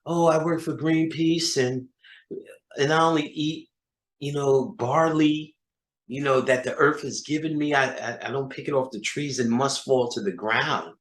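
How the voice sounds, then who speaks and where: A man putting on a self-righteous eco do-gooder, earnest and rambling as he praises his own virtue. The voice is pitched a bit higher than plain talk. It echoes in a roomy space. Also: unhurried, lightly acted.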